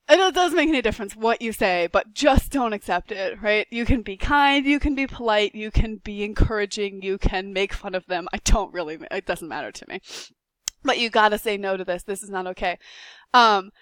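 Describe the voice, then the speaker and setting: A woman's voice: mid-range voice, animated, moderate pace, fairly bright tone, no echo. A woman teaching tutors in a recorded lesson, emphatic and insistent, repeating her points. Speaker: test-prep tutor trainer.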